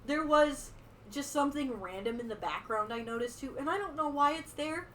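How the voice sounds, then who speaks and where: A woman's voice: high-pitched, animated, a bit bright, slight background noise. A woman co-hosting a casual movie review podcast, chatty and amused. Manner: chatty, amused, quick to laugh. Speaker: podcast co-host.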